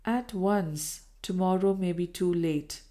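A woman's voice: on the low side, slow pace, dark tone. Woman reading a reproachful, troubled Victorian lady in a period audiobook. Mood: resolute. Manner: cold, reproachful.

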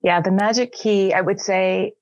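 A woman's voice: medium pitch, steady tone, moderate pace, darkish tone, dry recording, lo-fi sound. A woman chatting casually, explaining points and acting out everyday examples. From United States. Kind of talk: casual podcast conversation.

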